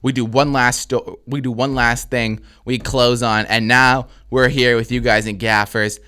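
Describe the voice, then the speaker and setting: A young Canadian man co-hosting a podcast, telling a comedy-show story in a casual, animated way, swearing and acting out the crowd. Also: mid-range voice, measured pace, clear, resonant tone. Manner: animated, swears a lot, acts out crowd voices.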